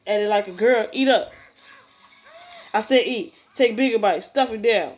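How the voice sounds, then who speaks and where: A woman voicing a domineering male high school bully who barks harsh, contemptuous orders. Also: moderate pace, darkish tone, close to an everyday voice. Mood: harsh bossy.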